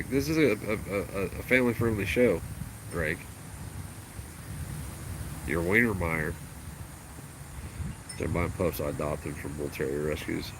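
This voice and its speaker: A man's voice: low-pitched, measured pace, pauses often, noisy background. A man chatting casually on a livestream at home, rambling and joking crudely about his dogs. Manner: rambling, crude and joking, baby talk to the dog. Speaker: livestream host.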